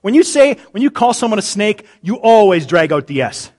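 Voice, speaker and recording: A middle-aged man preaching a sermon, humorous, swinging between loud emphasis and quiet asides. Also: high voice, big pitch swings, normal speed. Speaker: pastor.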